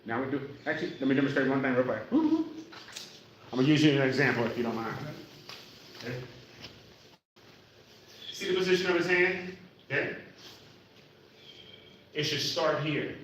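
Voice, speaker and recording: A man's voice: medium pitch, sing-song, normal speed, pauses often, fairly bright tone, a little hiss or hum. A man leading a live exercise class for seniors, counting reps, demonstrating moves and checking in with "okay?" as he explains. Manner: demonstrating moves while talking, energy rises when explaining. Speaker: senior fitness instructor. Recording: very echoey room, voice from far off.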